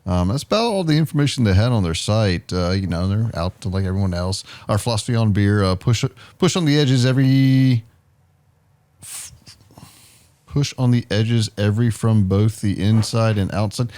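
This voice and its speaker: A man co-hosting a podcast in casual chat, rambling with many ums and quick jokes. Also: on the low side, expressive, a little mellow. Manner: rambling, lots of ums and uhs, jokey. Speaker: podcast co-host.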